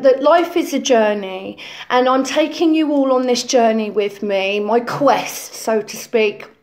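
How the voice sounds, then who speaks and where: A woman's voice: on the high side, a little mellow, natural voice. A woman playing a self-important conspiracy influencer in a comedy parody lesson, preaching in a rambling way full of ums and repeated phrases. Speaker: lecturing influencer character.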